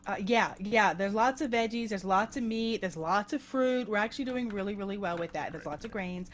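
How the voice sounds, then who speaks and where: Animated woman telling a rambling story. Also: mid-range voice, brisk, slight background noise. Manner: animated, rambling, many restarts. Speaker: streamer telling a story to co-players. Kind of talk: casual storytelling.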